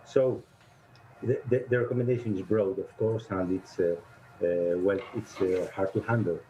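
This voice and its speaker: A man whose first language is Spanish, an advisor on a video call, speaking haltingly and searching for words. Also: low voice, steady tone, dark tone, a little hiss or hum. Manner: hesitant, searching for words with many fillers. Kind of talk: online panel discussion. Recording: muffled video call line.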